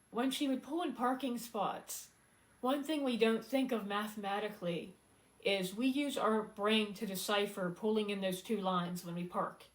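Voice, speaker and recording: Woman chatting on her live stream, halting and emotional, lots of ums, near tears. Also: mid-range voice, low-quality recording. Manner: heartfelt, halting, many fillers, fighting back tears. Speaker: singer-songwriter hosting a live stream. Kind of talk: casual live-stream talk.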